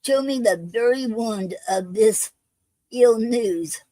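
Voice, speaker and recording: A woman reading the part of a bold male nobleman and warrior, in a plain, measured voice. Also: a little high, dark tone, no echo. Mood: urgent.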